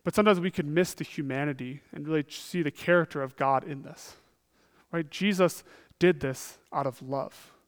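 A man's voice: on the high side, moderate pace. Earnest man preaching a sermon. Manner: earnest, frequent rhetorical "right?", shifts between emphatic and hushed.

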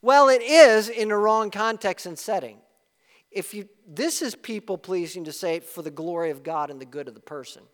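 High-voiced preaching man, echoey church. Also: lively intonation, moderate pace. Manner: earnest, emphatic preaching with rising bursts. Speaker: pastor. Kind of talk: sermon.

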